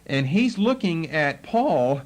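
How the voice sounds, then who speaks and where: A man's voice: a little high, sing-song, takes it slowly. Man explaining scripture in a lecture. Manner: explanatory, acts out the tone of quoted speakers. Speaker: Bible teacher. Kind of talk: Bible teaching lecture.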